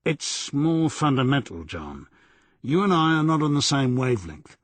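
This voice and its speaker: Male reader as a firm, pushy detective; husky crime audiobook voice. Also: medium pitch, big pitch swings, moderate pace, pitched above the performer's own voice. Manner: firm, pressing questions. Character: blunt, dogged male police detective.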